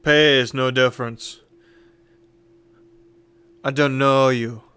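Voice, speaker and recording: A man voicing a gruff, terse male caravan leader with clipped, broken phrasing. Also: mid-range voice, steady tone, takes it slowly, pushed and bright. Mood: curt.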